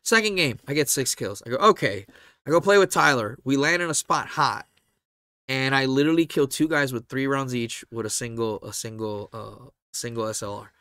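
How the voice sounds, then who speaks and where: A man hosting a podcast, telling a profane, animated story and acting out the voices of the people in it. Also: medium pitch, normal speed, clear, resonant tone, dry recording, clean studio sound. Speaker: podcast host. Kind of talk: casual storytelling chat.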